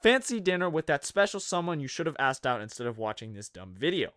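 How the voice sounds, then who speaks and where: A man with a fairly high voice narrates a comedy video with sarcasm and rambling jokes. His pitch swings widely from line to line, and the sound is dry and close, with no room echo. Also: big pitch swings, quick pace, fairly bright tone. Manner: sarcastic, jokey, rambling asides. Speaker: video host.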